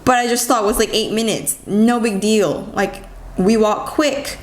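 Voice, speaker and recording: A woman telling a personal story in a casual vlog, talking quickly and animatedly with lots of "like" fillers. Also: mid-range voice. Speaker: vlogger. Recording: echoey room with faint ambient noise.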